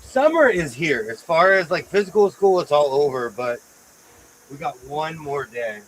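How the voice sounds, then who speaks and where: A middle-aged man chats casually as the host of a home live stream, his voice sitting a little high for a man. He talks in a playful, animated way and likes to say things twice to get his point across. A faint hiss runs under the sound. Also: moderate pace, poor audio. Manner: playful, repeats phrases, animated storytelling. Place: home sewing room.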